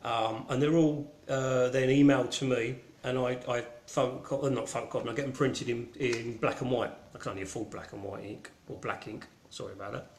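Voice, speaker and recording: This man's voice sits at a medium pitch, with fairly even intonation, a fairly quick pace and a roomy sound. He has a Cockney accent and hosts an online gallery show as a casual live-stream chat. His talk is rambling and irreverent, full of ums and mild swearing.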